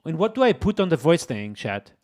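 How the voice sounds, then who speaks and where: A man streams himself coding and keeps up a running commentary to his viewers. His voice sits a little high and swoops all over the place. He is excitable and often breaks into exclamations. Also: fairly quick. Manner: excitable, exclaiming, talks to chat. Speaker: streamer, host.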